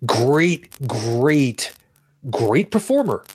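Husky guy rambling and joking on a podcast, dry sound. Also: mid-range voice, very animated, very slow, darkish tone, no echo. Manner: rambling, self-correcting, jokey. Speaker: podcast co-host. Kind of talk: casual chat.

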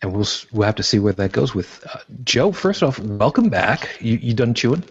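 A man's voice: medium pitch, big pitch swings, moderate pace, slightly rough. A man hosting a casual discussion, explaining his points in an earnest way. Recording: dull lo-fi sound.

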